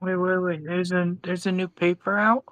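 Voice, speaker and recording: A man's voice: sits high, flat delivery, normal speed, a bit bright, no echo, dull audio, faint music behind. A man playing a tabletop game, eager and stammering as he jumps in. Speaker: player. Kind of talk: casual tabletop role-play.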